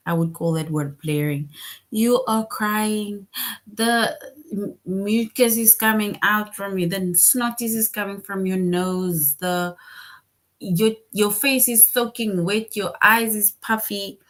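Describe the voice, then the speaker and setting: Female teacher, slow unhurried delivery, patient question-led explaining. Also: medium pitch, fairly bright tone. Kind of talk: online class lesson.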